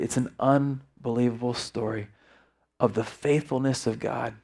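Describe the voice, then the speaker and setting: A middle-aged man preaching a sermon, telling a family story with lively acted-out dialogue before a quiet prayer. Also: mid-range voice, creaky. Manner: animated storyteller acting out family dialogue, then hushed prayer. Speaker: pastor.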